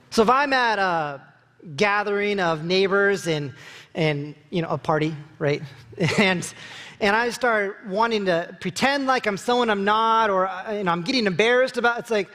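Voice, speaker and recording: High-voiced pastor preaching in an echoing hall. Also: male voice, moderate pace. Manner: animated, acts out quoted lines with raised pitch. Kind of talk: sermon. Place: church sanctuary.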